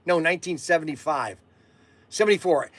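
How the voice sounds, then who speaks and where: Excitable rambling man in his 60s. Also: fairly high pitch, a little fast, dry recording. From Ohio, USA. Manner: excitable, rambling, repeats himself. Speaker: toy shop host. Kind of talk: rambling live-stream chat.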